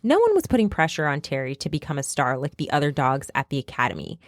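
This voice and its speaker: Woman podcast host, lower voice, animated pitch, storytelling, dry sound. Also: quick pace, no echo. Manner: animated, laughs easily. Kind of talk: casual chat and reading history notes.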